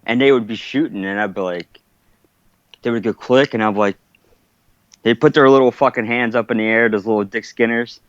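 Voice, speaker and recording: A man's voice: medium pitch, steady tone, a little fast, long pauses, no echo. A man hosts a casual podcast chat, blunt and profane, ribbing his guest. His voice sounds dull and lo-fi, and the recording is dry, with no room sound behind him. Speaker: podcast host.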